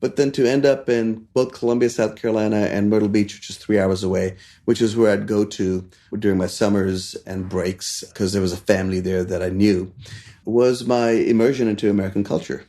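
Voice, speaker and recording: A man from India, a chef telling stories as an interview guest, animated and quick to laugh. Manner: animated, laughs often, shifts pitch for quoted voices. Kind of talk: casual interview storytelling.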